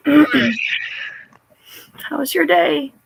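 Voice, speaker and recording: A hoarse woman chatting casually on a live stream, giggling often. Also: sits high, drawn-out words, dry recording, rough recording. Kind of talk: casual chat.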